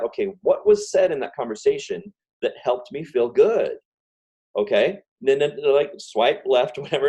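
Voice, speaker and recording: A man giving a casual self-help talk on a video call. He talks fast and repeats example phrases over and over. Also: mid-range voice, mellow, slightly rough. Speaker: guest speaker.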